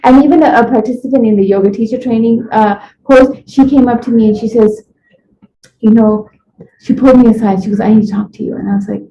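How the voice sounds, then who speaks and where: A woman speaks in a casual interview, winding through a personal story and acting out the voices of others. Her voice sits a little high with a soft, mellow tone. The sound is dull and lo-fi, with a roomy echo around it. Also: fast talker, slight background noise. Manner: rambling, animated retelling with acted-out quotes. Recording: echoey room, dull lo-fi sound.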